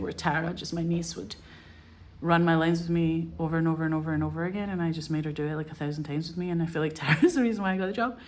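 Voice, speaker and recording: A woman's voice: sits low, gravelly. A woman in her thirties telling a story to camera in a rambling, casual way, filling her sentences with "like". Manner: rambling, peppered with "like", animated when retelling. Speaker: actress vlogging.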